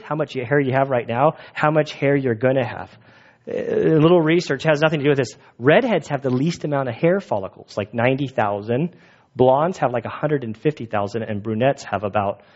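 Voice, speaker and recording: A man preaching a sermon, telling personal stories in a casual, rambling way that often breaks off mid-sentence. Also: medium pitch. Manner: casual, rambling, self-interrupting. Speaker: pastor. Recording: dull muffled sound.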